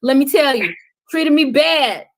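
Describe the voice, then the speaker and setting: Passionate middle-aged woman guest, slightly high voice, preachy, swings loud to soft. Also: expressive, unhurried. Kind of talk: passionate podcast conversation.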